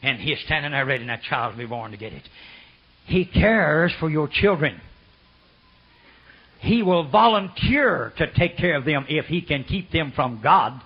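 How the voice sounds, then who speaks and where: Older preacher, husky and fervent. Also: male voice, animated, moderate pace. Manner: fervent preaching that swings from low murmurs to high shouted bursts; rambling, folksy storytelling. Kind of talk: sermon. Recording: dull lo-fi sermon recording.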